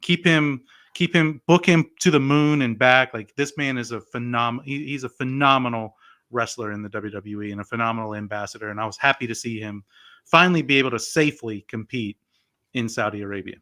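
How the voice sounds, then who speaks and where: Bright-voiced animated male podcaster. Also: mid-range voice, fairly quick. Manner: animated, many fillers like "like" and "you know". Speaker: podcast co-host. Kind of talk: casual wrestling podcast chat.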